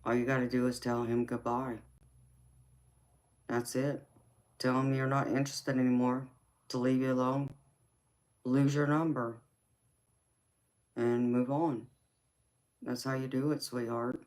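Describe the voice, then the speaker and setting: A woman's voice: a bass voice, level tone, measured pace, pauses often, darkish tone. A woman with a Southern Georgia accent hosting a casual live stream, reading out viewer comments, laughing often and calling people honey and sweetheart. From Southern United States. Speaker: tarot reader and livestream host.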